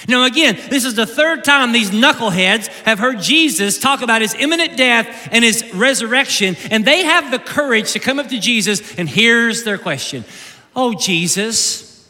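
Bright, high-voiced joking preacher in a hall. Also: male voice, normal speed, few pauses. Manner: animated, joking, repeats words mid-sentence. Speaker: pastor. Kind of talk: humorous sermon. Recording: long reverb of a large hall.

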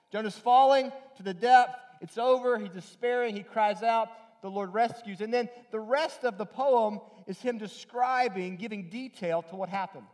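A man's voice: sits high, darkish tone. A male pastor preaching a sermon earnestly, repeating phrases for emphasis and often restarting his sentences. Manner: acts out quoted lines in a raised, pleading voice.

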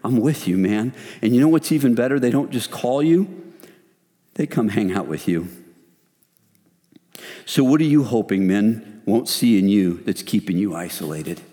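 Middle-aged guy preaching to men, lowish voice, talky and earnest, echoey hall. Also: moderate pace, pauses often. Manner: earnest, conversational preaching with animated retellings. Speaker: men's ministry leader. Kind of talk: sermon. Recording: long hall reverb.

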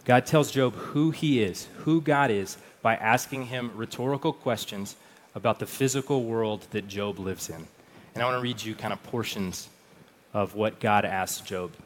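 A man's voice: fairly low pitch, measured pace, a little hiss or hum. Conversational man preaching. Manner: conversational, repeats words, reads scripture aloud. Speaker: pastor. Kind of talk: sermon.

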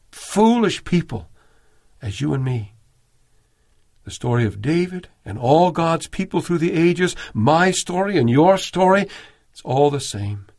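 A man preaching a sermon in an earnest, measured way, raising his voice when he quotes prayers. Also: mid-range voice, darkish tone.

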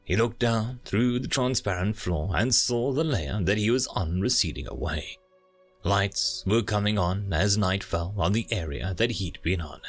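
A man narrating an audiobook in an expressive storytelling manner. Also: lowish voice.

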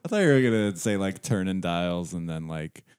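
A man co-hosting a podcast and running the sound, soft-spoken with brief replies. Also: deep voice, lively intonation, moderate pace, smooth. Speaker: podcast co-host and sound engineer. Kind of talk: casual podcast chat.

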